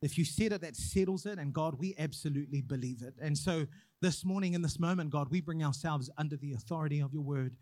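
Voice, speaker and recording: A young man preaching a sermon, praying and then telling a personal story in an animated way. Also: on the high side, fast talker, no room sound. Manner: animated storyteller, acts out quoted voices.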